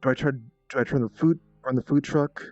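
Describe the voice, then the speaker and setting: A man's voice: mid-range voice, a little fast, dark tone, dry recording, dull audio, faint music behind. A man streaming a role-play game, thinking aloud about what to do next. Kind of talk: casual live-stream commentary.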